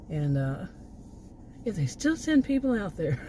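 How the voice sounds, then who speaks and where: A rather low-pitched woman with a worn, hoarse voice talks casually from behind the wheel, wandering between thoughts and laughing under her breath. Loud road and engine noise runs beneath her voice. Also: very animated, a little fast. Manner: meandering, frequent restarts and soft laughs. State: voice worn out, hiccups. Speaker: vlogger doing food deliveries. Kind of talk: rambling casual chat while driving. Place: inside a car on the road.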